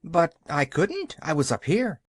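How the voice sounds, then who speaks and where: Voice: medium pitch, wildly swooping pitch, a little slow, husky, no room sound, studio quality, voice pushed up, exaggerated voice. A reader voicing an eager, cheerful little orphan girl. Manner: bright, eager, upbeat.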